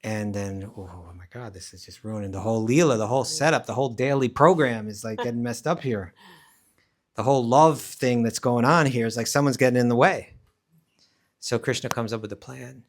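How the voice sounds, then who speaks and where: A man's voice: medium pitch, a little fast. A man, a spiritual teacher, leading a scripture class, telling a story casually and animatedly. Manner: animated, casual, acts out voices. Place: class at a rural eco village.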